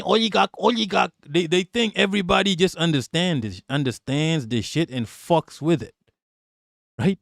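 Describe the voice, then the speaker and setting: A man streams a reaction rant in a fairly high voice, hammering his points and swearing constantly. He is recorded close and dry, with no room sound around him. His delivery is insistent and repetitive. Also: vocal fry, no echo. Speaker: live-stream political commentator.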